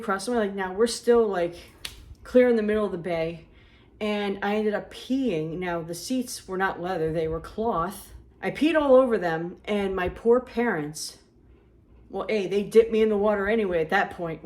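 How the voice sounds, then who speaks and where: A woman co-host tells stories from her childhood in a casual, chatty way. Her voice sits at an everyday middle pitch. She keeps her anecdotes lively. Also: moderate pace. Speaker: podcast co-host. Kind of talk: casual storytelling.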